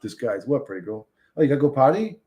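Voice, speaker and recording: Man, livestream host, casual chat, rambling, swears a lot, very lively pitch, mid-range voice. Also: quick pace. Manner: rambling and profane, talks to chat and his dog.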